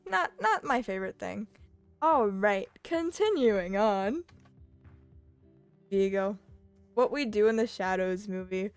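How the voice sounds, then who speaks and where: A woman's voice: a little high, smooth, no echo. A young woman vlogging from her bedroom, rambling casually with lots of fillers and restarts. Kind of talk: casual chatty commentary.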